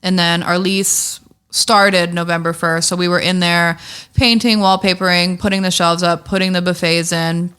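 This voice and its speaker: A woman's voice: fairly low pitch, little pitch movement, normal speed, fairly bright tone, clean tone. A woman talking casually on a podcast as a guest, upbeat and chatty, with lots of "like" and "um". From Pittsburgh area. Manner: chatty, upbeat storyteller with frequent "like" and "um". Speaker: guest, candle shop owner.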